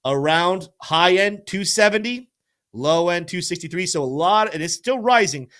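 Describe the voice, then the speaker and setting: A man's voice: high voice, lively intonation, normal speed, fairly bright tone. A man hosting a live-stream crypto show, energetically talking through charts and addressing his chat, sometimes stumbling over names. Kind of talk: live-stream market commentary.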